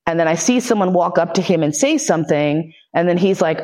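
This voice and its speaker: A podcast host recounts a personal story with blunt, profane candor, stumbling through fillers and restarts. They act out other people's lines as they go, in a mid-pitched voice that sits neither high nor low. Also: animated, a little fast, a little mellow. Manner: blunt, profane, with frequent fillers and self-interruptions; vivid re-enactment of other people's speech. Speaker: podcast host giving a lecture.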